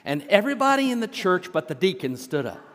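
A male senior pastor preaching a sermon. He opens with a humorous story, told in a deliberate way. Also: high voice, sing-song, slight background noise. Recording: long church hall reverb.

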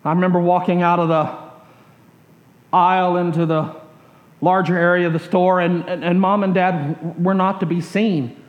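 A male pastor preaching a sermon, telling a personal story slowly, repeating phrases and letting them trail off quietly. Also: sits high, flat delivery, muffled recording.

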